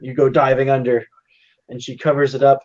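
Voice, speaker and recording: A man's voice: mid-range voice, little pitch movement, brisk, a little mellow. A man narrating a tabletop role-playing game as game master, laid-back and amused. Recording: muffled lo-fi audio.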